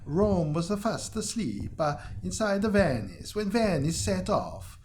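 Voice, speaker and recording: Guy putting on a sad gondolier, a bit higher, mellow and soft. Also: very animated, unhurried, slight background noise. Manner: sad, slightly raised put-on voice. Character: sad gondolier, a grown man, stranded and wistful.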